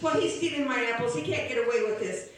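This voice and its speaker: A woman voicing a scolding old woman apple seller, sharp and indignant, recorded in an echoey room from a distance. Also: fairly high pitch, lively intonation, quick pace, a little hiss or hum, lightly acted.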